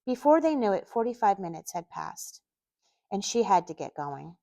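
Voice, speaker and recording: A woman's voice: lowish voice, animated, normal speed, mellow, dry recording. A woman reading her own novel aloud, stepping out of the story for chatty asides. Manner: chatty asides between passages.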